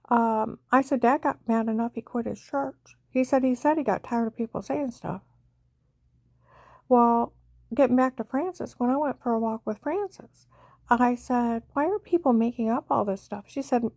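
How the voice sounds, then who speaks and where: A woman's voice: fairly high pitch, darkish tone, dry recording. An older woman rambling through a personal story, retelling old conversations with many repeats of "I said". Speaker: vlogger telling a personal story.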